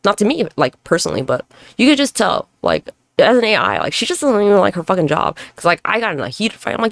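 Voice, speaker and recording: Gravelly, animated woman rambling on a podcast. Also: mid-range voice, fast talker, no echo. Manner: rambling, profane, self-mocking. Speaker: podcast host. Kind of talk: casual solo podcast monologue.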